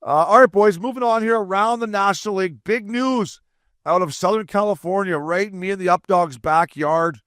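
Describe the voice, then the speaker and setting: A man co-hosting a casual hockey podcast as a former player, swearing freely and breaking into animated impressions. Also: high-pitched, moderate pace, no echo, clean studio sound.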